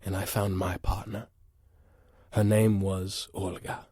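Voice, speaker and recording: A man's voice: deep voice, flat delivery, takes it slowly, dark tone, slightly rough, no echo, clean studio sound. A man guest on a comedy podcast, telling an absurd story in an earnest, mock-dramatic way. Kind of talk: deadpan comic storytelling.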